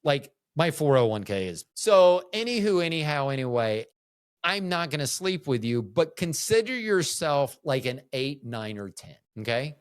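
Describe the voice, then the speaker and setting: A man's voice: on the high side, sing-song, normal speed, smooth, no room sound, clean studio sound. A man hosting a solo podcast, rambling through jokey asides with frequent restarts. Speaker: podcast host.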